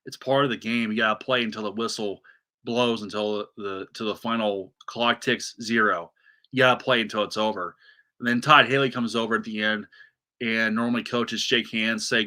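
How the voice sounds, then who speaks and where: A man's voice: mid-range voice, steady tone, moderate pace, sharp tone. A man hosting a solo sports podcast, ranting animatedly with many restarts and asides.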